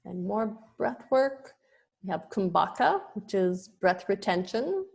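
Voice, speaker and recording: A woman's voice: medium pitch, big pitch swings, measured pace, gravelly, a little mellow. A woman yoga teacher giving an online lesson, explaining terms patiently with small restarts.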